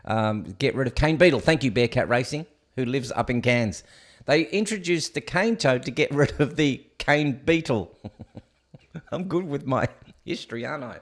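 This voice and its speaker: A man with an Australian accent hosting a show, ranting and commenting sarcastically on news stories he reads aloud. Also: medium pitch. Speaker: host.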